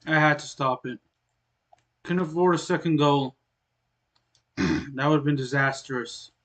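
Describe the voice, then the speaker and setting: A man with a somewhat high voice talks through his soccer game in a relaxed, explanatory way. He keeps clearing his throat and coughing now and then between remarks. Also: measured pace. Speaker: gaming channel host. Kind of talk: casual game commentary.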